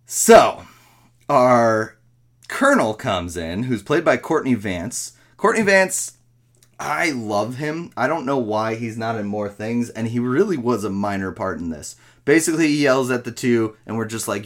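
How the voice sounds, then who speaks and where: A man's voice: medium pitch, measured pace. A man casually recapping and reviewing a movie, rambling and often correcting himself as he goes. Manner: rambling, self-correcting, animated retelling.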